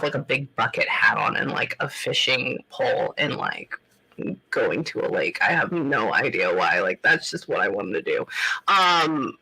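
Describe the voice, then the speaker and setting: A woman giving a live psychic reading on a talk show, pausing often to say hold on and filling her talk with like and um. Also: low voice, pushed and bright, husky, poor audio. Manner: halting, keeps pausing to say hold on; loose casual talk full of like and um. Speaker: psychic medium.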